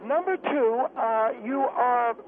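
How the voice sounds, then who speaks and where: A man doing a shrill, mocking woman caller. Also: expressive, slow pace, background noise, exaggerated voice. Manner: mocking, combative, needling. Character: brash, scornful woman commentator phoning in. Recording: tinny phone line.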